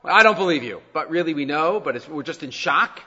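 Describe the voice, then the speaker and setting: A man's voice: on the high side, fairly quick, slightly rough, in a large hall, muffled recording. A man teaching a class on the weekly Torah portion, reading Hebrew verses aloud and then explaining them in English. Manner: animated, reads Hebrew verses then translates.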